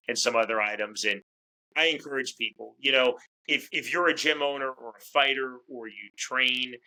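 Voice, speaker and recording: A man talking as a guest in a casual interview, chatty and quick to restart his words. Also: on the low side, sharp tone, rough recording. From United States. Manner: talkative, repeats words as he restarts. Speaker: fight commentator, interview guest.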